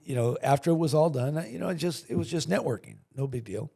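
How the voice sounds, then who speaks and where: Guy with a dark mellow voice telling stories, acts out the back and forth. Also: a little high, fast, vocal fry, breathy edge. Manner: animated anecdote-telling, acting out dialogue. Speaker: podcast guest, chamber of commerce chairman. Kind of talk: casual storytelling. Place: podcast studio.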